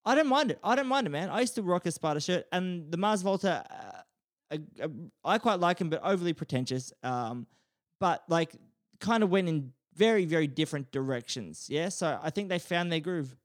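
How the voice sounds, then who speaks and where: A male podcast co-host talks casually about old bands. His voice sits a touch high, and he rambles and laughs easily. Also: normal speed. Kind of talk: casual chat.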